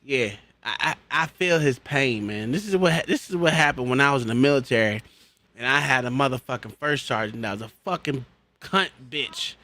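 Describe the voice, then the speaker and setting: A man giving crude, loud reaction commentary, laughing and mock-quoting people in a profane, animated way. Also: medium pitch, a little fast. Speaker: reaction streamer.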